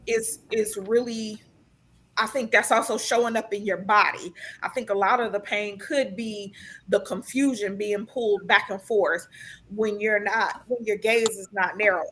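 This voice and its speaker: Bright, chatty woman reading cards. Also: mid-range voice, a little hiss or hum. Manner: chatty and earnest, many ums and restarts. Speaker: tarot card reader. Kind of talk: live casual spiritual reading to a sibling.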